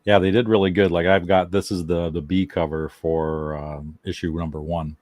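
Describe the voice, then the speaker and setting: A man guesting on a podcast, talking about comics in a relaxed, chatty way with small chuckles. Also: low-pitched, normal speed, dry recording, studio quality. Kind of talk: casual chat.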